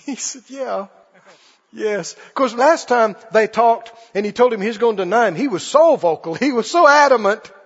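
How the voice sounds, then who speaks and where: A male preacher delivers a fervent sermon in a very high voice that swings widely in pitch. His tone is husky, and he keeps firing rhetorical questions at the congregation. The dull recording carries the long reverb of a church hall. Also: animated, moderate pace, hardly any pauses.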